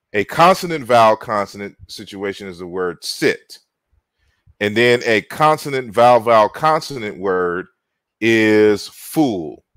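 Male lecturer talking through slides, slow and unhurried, stopping and restarting often; dry, close sound. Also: lowish voice, fairly bright tone, no room sound. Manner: halting, many fillers and repeated words.

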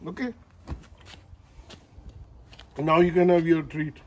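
A man's voice: sits high, lively intonation, measured pace, low-quality recording. A man at home talking casually to his dog and the camera, coaxing and repeating himself, laughing often, with non-native grammar. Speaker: dog owner vlogger.

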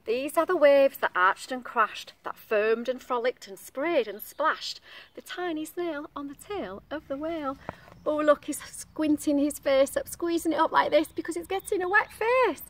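A woman's voice: high-pitched, lively intonation, moderate pace, slight background noise. A woman reading a picture book aloud to young children in a sing-song voice, stopping to ask them questions.

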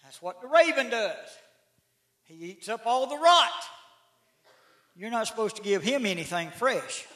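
A middle-aged man preaches. His voice is very high and sharp-edged, and his folksy delivery climbs into shouts. The sound carries the echo of a church sanctuary on a live stream. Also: expressive, unhurried, pauses often. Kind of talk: sermon. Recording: echoey church livestream.

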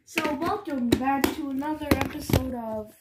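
A young woman co-hosting a gameplay video, teasing her partner with deadpan jokes. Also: sits high, normal speed, very noisy. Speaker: co-host. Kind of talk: joking casual chat.

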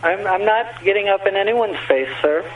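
Stammering polite manager on the phone. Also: male voice, sits high, normal speed, slight background noise. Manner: polite, stammering, keeps saying sir. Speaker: restaurant manager. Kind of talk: phone call. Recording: distant phone line.

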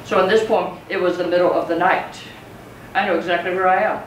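In a mid-range voice with fairly even intonation, a poetry teacher talks a little fast, keeping the lecture conversational and checking in with students. A distant mic captures the reverberant classroom along with faint noise.

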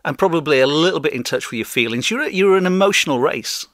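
A British man hosting a podcast interview, often halting and repeating words. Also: fairly high pitch, animated, fairly bright tone, dry recording, studio quality. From Britain. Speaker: podcast host.

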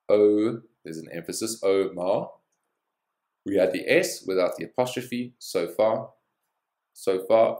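A man with a low, deep voice teaches a language lesson, explaining each rule step by step. He adds small bits of encouragement as he goes. The sound carries an echo from the room.

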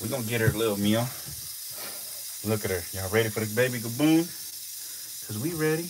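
Excitable slangy man filming his snakes. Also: lowish voice, fairly quick, background noise. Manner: excitable, slangy, swearing, talking to the snakes and viewers. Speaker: reptile keeper vlogger. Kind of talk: casual filming commentary.

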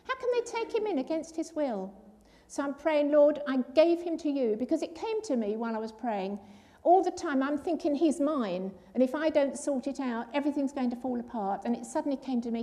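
A woman's voice: sits high, expressive, brisk, mellow. An older woman giving an earnest personal testimony at a church, telling her story and acting out the voices of the people in it.

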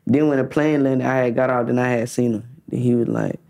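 Gravelly laid-back young man. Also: medium pitch, fairly even intonation, a little fast, a little mellow. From Florida. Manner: laid-back, mumbled slang. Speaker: guest, rapper. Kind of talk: casual interview chat.

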